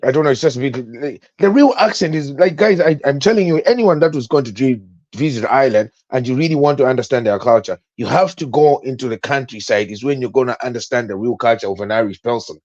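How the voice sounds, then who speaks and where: A man talking on a podcast panel in an animated, repetitive way. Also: medium pitch, fast talker, hardly any pauses, dull audio. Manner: animated, repeats himself when excited. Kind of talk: casual podcast chat.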